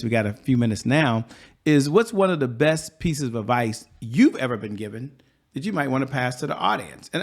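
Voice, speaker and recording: Man, interview host, encouraging, upbeat, gravelly, mid-range voice. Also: medium pitch. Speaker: podcast host. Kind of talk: interview hosting.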